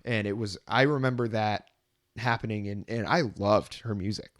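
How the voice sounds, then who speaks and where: A man co-hosting a music podcast, talking in a relaxed, rambling way in casual chat. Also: lowish voice, moderate pace, dry recording, studio quality. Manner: relaxed, rambling, many "you know" fillers. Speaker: podcast co-host.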